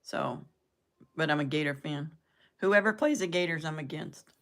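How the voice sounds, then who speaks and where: Older woman, low pitch, rambling casual live-chat host who laughs at her own jokes. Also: normal speed, fairly bright tone. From southern United States. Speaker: live-stream host chatting with viewers.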